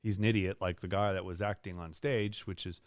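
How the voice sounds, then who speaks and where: A man co-hosting a casual chat, retelling a cartoon episode in a lively storytelling way with quick asides. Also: sits low, no room sound, clean studio sound. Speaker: co-host recapping a cartoon episode.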